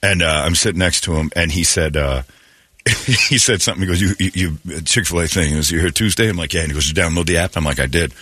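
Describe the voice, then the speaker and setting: A man's voice: sits low, fast talker, husky, no room sound. A man hosting a radio show, chatting casually and telling stories with lots of laughter. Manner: animated storyteller, laughs a lot. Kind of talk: casual morning radio chat.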